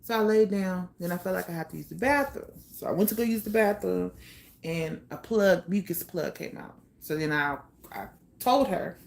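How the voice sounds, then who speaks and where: A young woman telling her own life story in a candid, blunt way, pausing often with fillers. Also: fairly low pitch, gravelly. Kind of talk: personal storytelling monologue.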